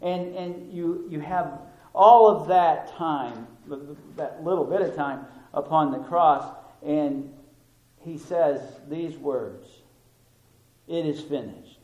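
A man preaching a sermon in a deliberate, emphatic way, repeating words to stress them. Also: fairly high pitch, a little mellow, highs cut off. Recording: roomy echo.

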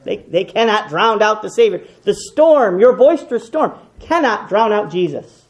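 A man preaching a sermon with passion, swinging between loud, emphatic repetition and hushed, quiet lines. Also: sits high, big pitch swings, moderate pace.

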